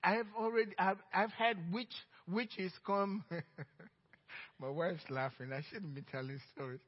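A middle-aged man with a Nigerian accent preaching a sermon as pastor, telling stories emphatically and swinging between loud outbursts and hushed asides. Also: high voice, a little slow, slightly rough. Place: church sanctuary. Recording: dull reverberant church recording.

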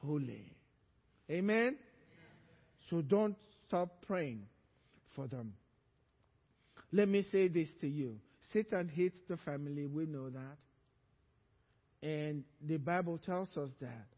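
A male pastor preaching a sermon in a church, surging to loud emphatic calls and then dropping low and quiet. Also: lively intonation, slow, pauses often. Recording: echoey church hall, dull lo-fi sound.

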